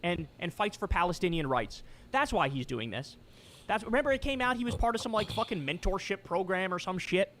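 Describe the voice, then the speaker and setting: A man's voice: high voice, expressive, fairly quick, fairly bright tone, a little hiss or hum. Profane, heated commentary man from New York. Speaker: political commentary streamer. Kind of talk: reaction commentary.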